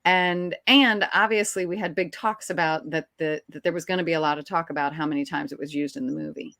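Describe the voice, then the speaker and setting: A woman who is an actress, telling a story as an interview guest in a lively, chatty way with quick restarts. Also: sits low, dry recording, clean studio sound. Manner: animated, chatty, frequent restarts and laughs.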